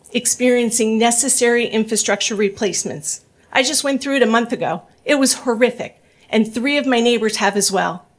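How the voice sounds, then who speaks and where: A middle-aged woman giving public comment at a borough council meeting, polite but urgent, mixing a prepared statement with off-the-cuff appeals. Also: on the high side. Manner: earnest, polite, urging, reads prepared points then speaks off the cuff.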